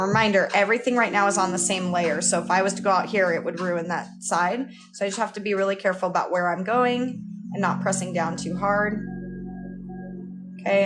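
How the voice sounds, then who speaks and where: A woman's voice: on the low side, rough recording. A woman livestreaming a casual drawing tutorial. She explains each step aloud and chats with viewers, thanking them by name. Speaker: livestreaming cartoon artist. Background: music playing.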